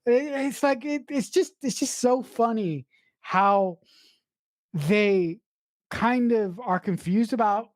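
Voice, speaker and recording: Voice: mid-range voice, takes it slowly, no room sound, clean studio sound. A podcast co-host enthusiastically retelling film scenes, with casual swearing. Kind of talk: casual movie review chat.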